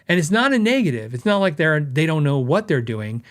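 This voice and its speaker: A middle-aged man hosting a podcast, talking casually and conversationally, often correcting himself and quoting customers in quick asides. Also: a little high, expressive. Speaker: podcast host; guitar repair tech.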